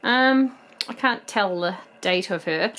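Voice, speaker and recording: A woman in her thirties with a New Zealand accent speaks slowly in a mid-range, slightly bright voice. As host of a toy collector vlog, she shows off her toy finds in a casual haul video, chatty and rambling, with frequent ums.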